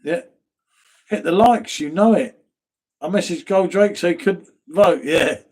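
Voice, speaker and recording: Man, southern English accent, casual stream host, mate-heavy chat, slightly high voice. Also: unhurried, a little mellow. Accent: southern English, from near London. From England. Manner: chatty, laid-back, reads viewer comments, says mate a lot. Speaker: live stream pub host.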